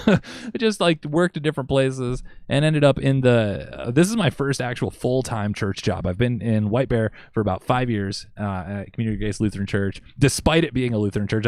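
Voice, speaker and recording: A man's voice: mid-range voice, clear, resonant tone, dry recording, clean studio sound. A man in his thirties, a church music director, talking casually on a podcast and explaining his ideas simply, with lots of fillers. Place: Minnesota.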